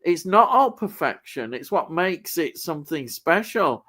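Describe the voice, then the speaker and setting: A man hosting a livestream, chatting casually and slowly thinking aloud, with frequent fillers and a mild rant. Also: a little high, sing-song, pushed and bright. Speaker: livestream host. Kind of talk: casual chat.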